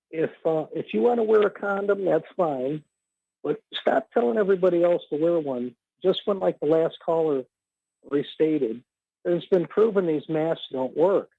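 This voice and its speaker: A man calling in to a talk radio show, measured and wry, heard over a tinny phone line. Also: on the high side, creaky, breathy edge, no room sound. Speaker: caller. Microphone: telephone.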